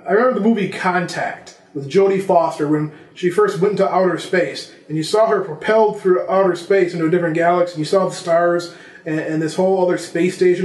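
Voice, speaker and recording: A man's voice: sits high, reverberant. A man giving a casual vlog lesson on filmmaking, talking conversationally and listing examples. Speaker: filmmaking instructor.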